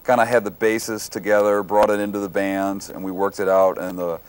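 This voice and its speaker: Deep-voiced laid-back man. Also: level tone, brisk, clean tone. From Detroit, USA. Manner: laid-back, searching for words. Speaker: band musician. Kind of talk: casual interview.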